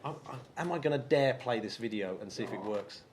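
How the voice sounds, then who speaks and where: Man from England, podcast host, average pitch, enthusiastic, laughing often. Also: lively intonation, brisk, background noise. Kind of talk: live podcast banter on stage.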